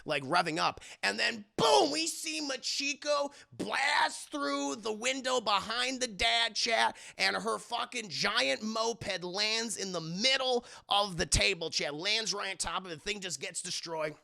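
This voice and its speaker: Gravelly, bright-voiced male streamer. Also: sits high, lively intonation, unhurried, hardly any pauses. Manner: loose, profane, addresses chat often. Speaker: streamer reviewing an animated show. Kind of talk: casual live-stream commentary.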